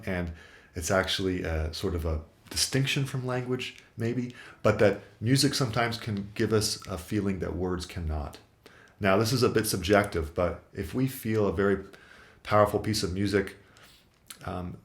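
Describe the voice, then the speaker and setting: A male guitar teacher explaining music theory in a video lesson, methodical and explanatory, with occasional fillers. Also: fairly low pitch. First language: English.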